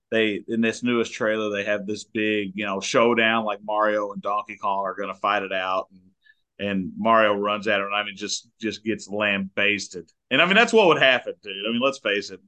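Co-host: man, bright tense voice, relaxed and opinionated, on a video call. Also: on the low side. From Kentucky. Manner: relaxed, opinionated, laughs often. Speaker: podcast co-host. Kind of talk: casual chat.

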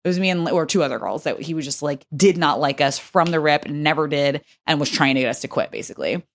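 Speaking as a podcast guest, a young woman tells a workplace story quickly and animatedly, full of profanity and fillers. It comes across as relaxed, lively chat, delivered in a voice lower than typical for a woman.

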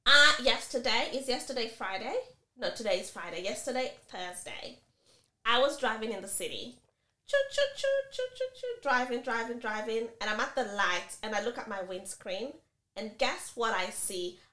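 Podcast co-host, woman, high bright voice, dramatic storyteller, echoey room. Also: normal speed. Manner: dramatic, swearing, acts out quoted people. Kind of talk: casual chat, animated storytelling.

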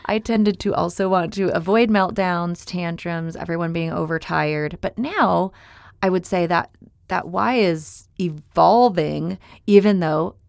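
A woman's voice: fairly low pitch, unhurried, gravelly, darkish tone, no room sound. A woman in her forties co-hosting a parenting podcast, talking steadily and reflectively in long runs. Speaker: podcast co-host. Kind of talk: casual podcast chat.

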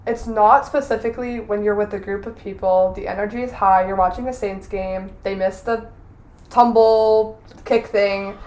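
Animated young woman, roomy echo. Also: mid-range voice, moderate pace. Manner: animated, exaggerated outrage, laughs often. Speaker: podcast co-host. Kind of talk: casual chat.

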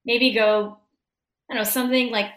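A woman's voice: fairly high pitch, fairly even intonation, moderate pace, fairly bright tone, poor audio. A woman musician, a guest on a podcast, speaking hesitantly with many fillers. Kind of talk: casual interview chat.

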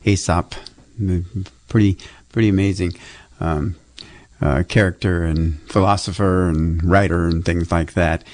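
A man's voice: low voice, steady tone, measured pace, darkish tone. A man hosting a children's radio show, talking playfully and chuckling as he rambles. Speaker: radio host. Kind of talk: casual children's radio chat.

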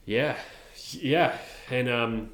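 A man's voice: medium pitch, extremely slow, fairly bright tone, reverberant. A man co-hosting a podcast, reading a story from his notes and tossing in joking asides. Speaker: podcast co-host. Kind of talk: casual podcast chat.

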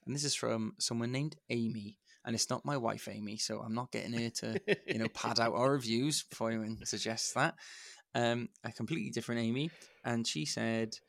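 A man's voice: mid-range voice, fairly even intonation, fairly quick, gravelly, hardly any pauses, a bit bright, no room sound, studio quality. A young adult Welsh man co-hosting a podcast, chatting in an easygoing, wry way. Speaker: podcast co-host. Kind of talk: casual podcast chat.

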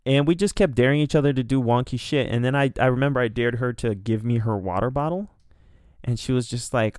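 A man's voice: mid-range voice, fast, darkish tone, no room sound, studio quality. A young man casually telling a rambling, profane, self-deprecating story as a podcast co-host.

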